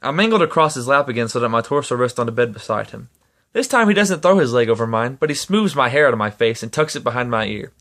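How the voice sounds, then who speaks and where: A man reading a novel aloud at a steady pace, sometimes stumbling and restarting a line. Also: medium pitch, fast. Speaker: reader.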